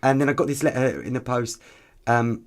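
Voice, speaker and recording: A man, a podcast guest and activist, telling stories in an animated, chatty way with frequent ums. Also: medium pitch, a little fast. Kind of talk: conversational podcast interview.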